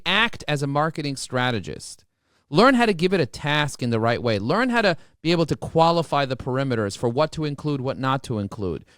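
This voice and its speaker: Energetic, emphatic man on a podcast. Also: on the high side, no room sound, studio quality. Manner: emphatic, fast-talking, motivational; repeats words when excited. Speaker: podcast guest, marketing expert.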